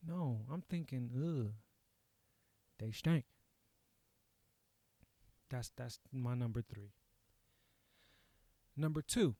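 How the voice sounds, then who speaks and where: Young guy podcast host going off on a crude funny rant, lots of slang, warm mellow voice, dry close mic. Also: mid-range voice, extremely slow, long pauses, no room sound. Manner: crude, animated, slangy, laughing at his own jokes. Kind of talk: casual comedic rant.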